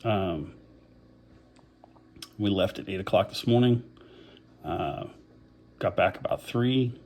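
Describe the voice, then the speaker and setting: A man's voice: low voice, takes it slowly, gravelly, darkish tone. A man recovering from covid and on oxygen, talking in a rambling, casual video diary with lots of fillers and a short breath. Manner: rambling, many fillers, self-deprecating. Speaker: vlogger.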